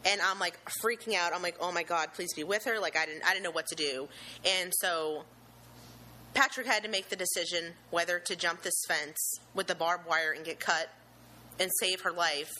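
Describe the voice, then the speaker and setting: A young woman nervously recounting a frightening event she saw, halting and earnest, with many pauses and restarts. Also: fairly low pitch, sharp tone, low-quality recording. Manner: earnest and emotional, with religious gratitude. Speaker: eyewitness telling her story. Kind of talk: personal account, unscripted.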